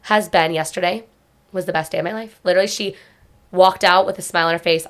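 A young woman co-hosts a casual chat and tells her story in a rambling, filler-heavy way. Her voice sits on the low side. She talks at a quick clip. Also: steady tone, a bit bright. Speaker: podcast co-host.

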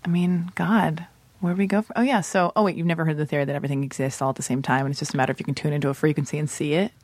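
A woman's voice: low-pitched, fairly even intonation, rapid-fire, darkish tone, dry recording. A woman hosting a casual interview, teasing her guest with rambling, playful questions. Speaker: host.

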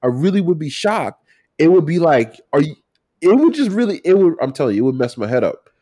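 A man co-hosting a casual talk, emphatic and animated, repeating his points. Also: a little high, brisk, breathy edge. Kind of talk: casual chat.

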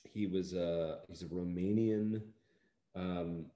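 An American man, an actor, chatting in an interview in a halting, rambling way with lots of fillers and dry humor. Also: deep voice, fairly even intonation, dark tone, roomy sound, muffled recording. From United States. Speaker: actor interviewed about a film. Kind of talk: casual interview chat.

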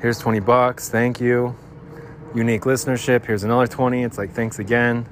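A man's voice: medium pitch, level tone, fairly quick, a little hiss or hum. A middle-aged man hosting a podcast in a rambling, casual monologue, full of slang and repeated filler words. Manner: rambling, slangy, keeps saying dude. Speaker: podcast host.

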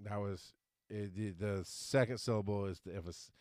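A man's voice: lowish voice, fairly even intonation, normal speed, a little mellow, no room sound, clean studio sound. A middle-aged man co-hosting a casual podcast chat, rambling and stumbling over words. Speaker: podcast co-host.

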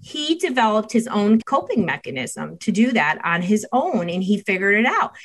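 A woman's voice: medium pitch, moderate pace, rough recording. A woman in her fifties, a parenting expert guest, chatting and telling stories animatedly, acting out bits of dialogue. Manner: animated, acts out dialogue in shifting voices. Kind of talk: casual storytelling chat.

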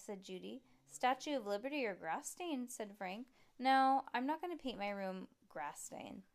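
A woman reading a children's book aloud at home, voicing the characters in a lively way and stopping to chat and laugh with a child. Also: medium pitch. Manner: lively, voices the characters, chats and laughs between passages. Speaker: reader.

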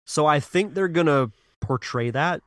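A podcast co-host chats casually and earnestly about games and movies, frequently restarting sentences as he reasons aloud. His voice is a little high and a little slow, recorded at studio quality with no echo.

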